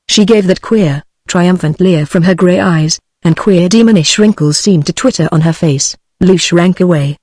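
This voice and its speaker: A text-to-speech woman's voice with a British English accent, reading a novel aloud in a steady, even audiobook style. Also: lowish voice, moderate pace, few pauses, no room sound. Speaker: audiobook narrator. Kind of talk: synthetic audiobook narration.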